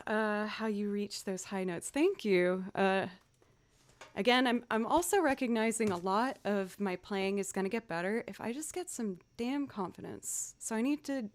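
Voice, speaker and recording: Chatty woman streamer, smooth close voice. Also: mid-range voice, no echo. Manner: chatty, upbeat, self-encouraging. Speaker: livestreaming musician. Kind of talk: casual livestream chat.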